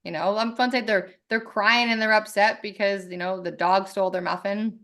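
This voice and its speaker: A woman's voice: medium pitch, a little fast. A woman in her thirties, a podcast guest talking candidly and with lots of energy in a casual conversation. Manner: candid, animated, swears freely.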